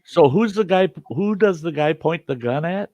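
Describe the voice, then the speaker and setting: A man hosting a storytelling show, telling a tale in a folksy, animated way with salty language, on a dull, dry recording. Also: fairly high pitch, normal speed, dry recording. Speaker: storyteller host. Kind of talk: casual spoken storytelling.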